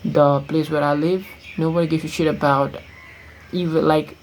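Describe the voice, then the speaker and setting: Gravelly young man from Nepal, blunt vlog. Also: fairly high pitch, flat delivery, moderate pace, slight background noise, poor audio. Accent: American-influenced English, learned from films. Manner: rambling, many fillers, blunt and defiant. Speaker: vlogger. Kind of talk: casual talking-to-camera vlog.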